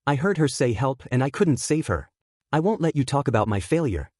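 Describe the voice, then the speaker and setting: A man's voice: mid-range voice, very animated, fairly quick, a little mellow, no echo, clean studio sound. A man voicing an earnest teenage boy hero who blames himself, in a raised, emotional delivery. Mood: upset.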